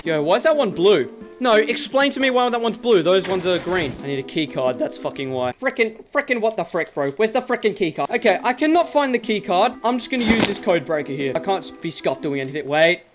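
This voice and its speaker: Lively Aussie guy playing a horror game. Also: high-pitched, brisk, hardly any pauses, over music. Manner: crude, jokey, rambling, swears a lot. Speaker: gaming YouTuber.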